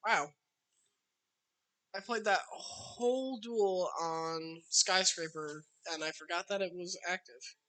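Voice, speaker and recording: Bright-voiced man streaming a card game. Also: high-pitched, slow. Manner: chatty, talks to his opponent while playing. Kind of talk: live card game commentary.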